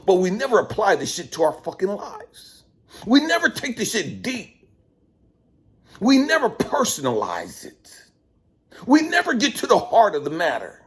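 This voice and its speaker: Hosting his channel, a middle-aged man launches into a ranting monologue that is preachy, profane and heavily emphasized. He speaks in a high voice with a breathy edge.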